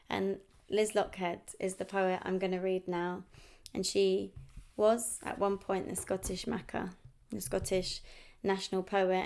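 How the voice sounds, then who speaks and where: A woman's voice: mid-range voice, darkish tone, smooth. A woman poet with an English accent, reading poems aloud and introducing them in a reflective, casual way. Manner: reflective, unhurried delivery with casual asides. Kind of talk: poetry reading with chatty introductions.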